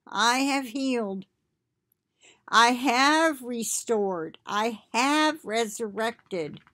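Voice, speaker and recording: A woman hosting an online Christian channel, reading a prophetic message aloud in a slow, solemn, devout way. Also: on the high side, animated, bright, forceful tone, dry recording. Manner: slow, deliberate, devout reading with casual asides.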